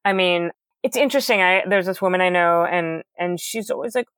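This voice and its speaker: A woman's voice: fairly low pitch, brisk, a bit bright, clear, resonant tone, dry recording, clean studio sound. A woman guest in a casual conversation, speaking candidly and directly about her own experience. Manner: candid and straightforward, with some restarts.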